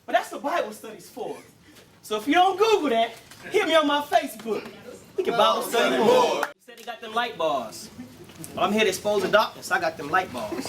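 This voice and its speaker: A man's voice: sits high, noisy background. A man performing Christian battle rap live before an audience, with a rhythmic, preachy, punchline-driven delivery. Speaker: battle rapper.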